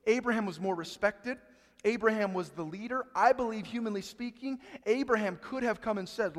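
Male preacher, high voice, swings loud to hushed, church hall reverb. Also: fairly quick. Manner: preaching with rising emphasis and dramatic hushed drops. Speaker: pastor. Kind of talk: sermon. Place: church sanctuary.

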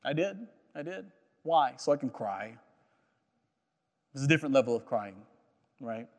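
A man's voice: medium pitch, expressive, moderate pace. A man preaching a sermon as a pastor, earnest and personal, often repeating phrases and checking in with "right?". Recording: echoey hall.

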